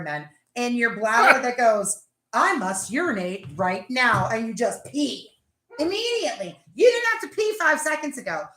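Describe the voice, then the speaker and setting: A woman hosting a casual live chat, talking fast and laughing as she tells stories. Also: fairly high pitch, fairly bright tone, roomy sound. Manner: chatty, laughing, tells stories with acted-out quotes. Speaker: livestream host.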